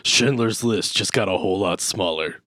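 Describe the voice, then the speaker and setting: A man's voice: sits low, moderate pace. A man co-hosting a casual podcast, running a movie-riddle quiz in a teasing, joking way. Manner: teasing, lively, swears casually. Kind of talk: casual chat.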